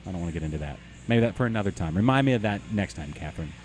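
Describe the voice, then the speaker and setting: Rambling low-voiced man chatting. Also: expressive, darkish tone, a little hiss or hum. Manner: rambling, halting storyteller with many restarts. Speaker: podcast co-host. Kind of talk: casual chat.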